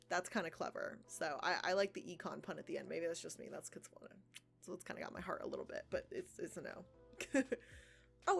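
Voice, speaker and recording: A woman's voice: fairly low pitch, gravelly. A woman livestreamer reading profiles aloud and reacting in casual commentary, sarcastic and swearing, laughing often. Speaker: art livestreamer.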